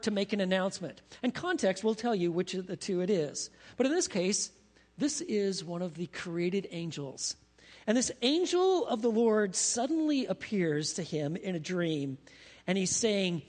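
A man preaching a sermon as pastor, animated, asking his congregation questions as he teaches. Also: high-pitched. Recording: long reverb of a large hall.

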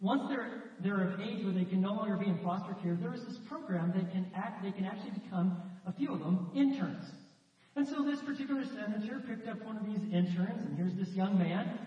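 A man's voice: high-pitched, a little fast. A man preaching a sermon as a pastor, telling stories in a conversational way and acting out the quotes. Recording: echoey hall, distant mic, dull sound.

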